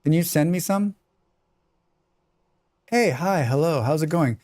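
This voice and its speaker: A man's voice: a little high, lively intonation, a little slow, darkish tone. Chatty American man streaming a game. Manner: joking, chatty, reads and answers chat. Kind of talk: casual live-stream chat while gaming.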